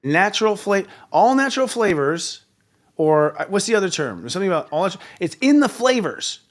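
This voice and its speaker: A man hosting a live talk show, ranting in an animated, profane way. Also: sits high, brisk. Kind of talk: casual chat.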